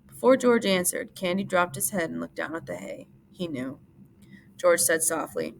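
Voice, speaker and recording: A teacher reading a novel aloud in plain, steady narration. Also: female voice, fairly low pitch, moderate pace, a little hiss or hum.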